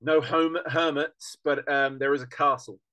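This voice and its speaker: A man's voice: a little high, steady tone, a little slow, no room sound, poor audio. A man, co-hosting a casual podcast chat over a video call, steering the talk and wrapping it up. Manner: warm-up phrases, wraps up and steers the talk. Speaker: podcast co-host. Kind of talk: casual chat among friends.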